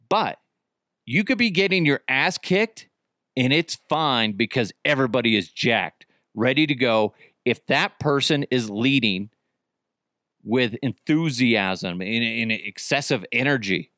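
A man hosting a podcast, ranting casually and profanely about football and mocking players with quick impressions. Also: medium pitch, a bit bright, no echo, clean studio sound. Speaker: podcast host. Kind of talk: casual sports rant.

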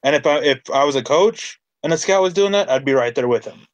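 A man's voice: on the high side, lively intonation, fast, no echo. A man hosting a casual sports podcast, talking with enthusiasm and building his points with repeated phrases. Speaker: podcast host.

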